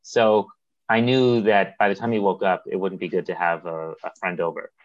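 Low-voiced man telling stories, halting. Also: flat delivery. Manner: halting, repeats words, laughs through stories. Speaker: storyteller recounting a friendship. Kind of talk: casual chat. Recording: dull lo-fi sound.

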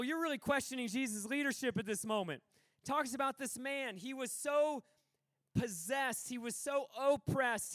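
Male preacher with a very high, bright voice, dry close sound, lively comic storytelling. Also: no echo. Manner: energetic storytelling with comic asides. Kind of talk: sermon. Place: large venue.

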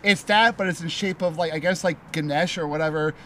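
A man's voice: on the high side, fairly quick, pushed and bright, a little hiss or hum. Rambling man telling a wild story. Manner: rambling, swearing, many likes. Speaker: podcast guest. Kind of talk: casual storytelling.

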